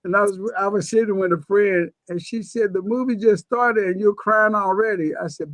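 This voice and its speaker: A man coaching and telling stories in a casual webinar conversation, open about his emotions and expressive as he talks. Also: sits high, moderate pace, few pauses, no room sound. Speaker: guest speaker and coach.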